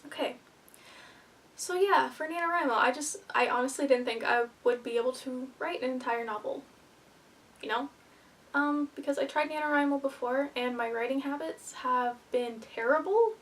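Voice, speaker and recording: A woman's voice: sits high, moderate pace, fairly bright tone, recorded from a distance. A young woman vlogging to camera, nervous and rambling, a little out of breath. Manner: nervous, rambling, self-deprecating, with filler words. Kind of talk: casual vlog talk to camera.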